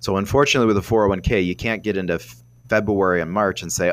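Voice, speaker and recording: A man's voice: sits low, fast talker. A man working as a financial advisor, rambling on as he explains money tips on a radio show.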